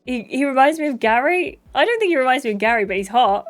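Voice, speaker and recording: A woman playing a story game, reading it aloud with bubbly, gushing, excitable commentary. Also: high voice, fast. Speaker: let's play gamer.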